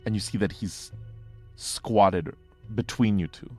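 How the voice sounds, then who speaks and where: A man's voice: fairly low pitch, slow, slightly rough, faint music behind. A man narrating a tabletop game as game master, casual and rambling with many fillers.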